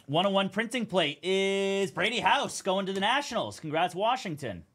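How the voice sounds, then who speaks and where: A man's voice: sits high, very animated, normal speed, a bit bright, slightly rough. A young man hosting a live card break stream, chatting casually as he calls out cards and teams.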